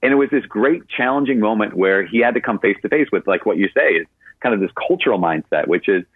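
A man's voice: lowish voice, expressive, fast, husky, no echo. A man, a Catholic priest, answering a caller on a radio show and telling stories in a conversational way, with many fillers. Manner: conversational storytelling with frequent fillers. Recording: narrowband radio broadcast sound.

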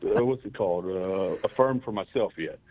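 A man's voice: deep voice, normal speed. A man from Texas with a Texan accent, calling in to a radio show, earnest and rambling as he thinks aloud. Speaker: caller. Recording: tinny phone line.

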